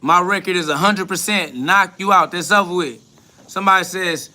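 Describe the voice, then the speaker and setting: A man's voice: high voice, brisk, pushed and bright. A man hosting a live stream, boasting and trash-talking in a preachy, repetitive way, answering viewers' comments.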